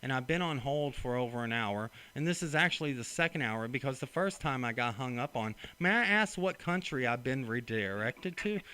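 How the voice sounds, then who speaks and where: A man's voice: medium pitch, lively intonation, normal speed, hardly any pauses, bright, forceful tone, clean tone. A man angrily demanding help on a customer service phone call, sarcastic and confrontational. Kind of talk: heated phone complaint.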